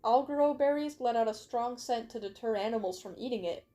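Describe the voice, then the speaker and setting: A woman's voice: on the high side, a little fast, mellow, natural voice. A woman reading as a dry, bookish male wolf. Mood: lecturing. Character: bookish male wolf plant expert, dry and matter-of-fact.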